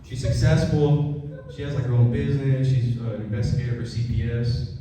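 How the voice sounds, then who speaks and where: A man's voice: medium pitch, fairly even intonation, brisk, warm tone. A young man performing a stand-up comedy set, telling stories casually and with lots of swearing. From Mexican heritage. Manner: profane, conversational storytelling. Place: comedy club stage with a laughing crowd. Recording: echoey, distant, noisy club recording.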